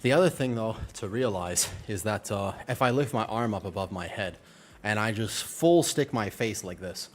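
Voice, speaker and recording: A young man streams a game from a home room with a fan, slightly breathless after exercising. His lowish, expressive voice moves at normal speed over faint background noise as he jokes and chats with viewers.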